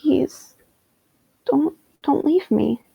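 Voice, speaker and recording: A woman's voice: high voice, very animated, fairly quick, vocal fry, dull audio, a crowd in the background, voice pushed up, full character voice. A woman playing a worried young woman who anxiously pleads with her companion in a tabletop game. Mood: pleading.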